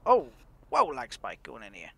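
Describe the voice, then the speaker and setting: A man's voice: medium pitch, huge pitch swings, moderate pace, vocal fry. A man chatting casually while playing a roleplay game, laughing often and rambling in a self-deprecating way. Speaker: roleplay streamer.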